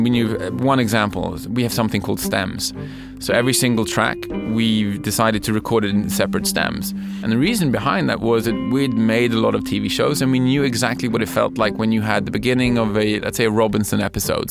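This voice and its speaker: A middle-aged man from Sweden, a company head who explains his points in measured, listed steps in a conversational interview. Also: lowish voice, vocal fry, music in the background. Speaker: company CEO and co-founder, guest.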